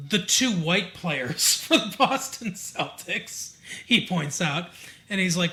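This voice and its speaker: A man's voice: high voice, slow, bright, forceful tone. A man from Michigan co-hosting a podcast, recapping a TV episode in a chatty, digressive way with lots of fillers. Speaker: podcast co-host. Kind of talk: casual chat recapping a TV episode.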